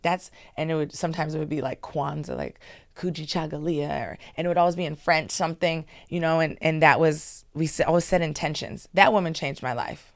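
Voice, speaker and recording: A woman in her thirties from Maryland, telling stories in a lively, animated way as an interview guest. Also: sits low, brisk, no room sound, clean studio sound. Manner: lively, animated storytelling with asides. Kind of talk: casual storytelling.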